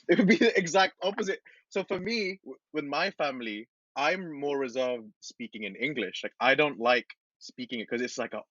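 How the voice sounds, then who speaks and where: Relaxed young man, muffled and dry. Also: mid-range voice, brisk, no echo. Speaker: podcast co-host. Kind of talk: casual group chat.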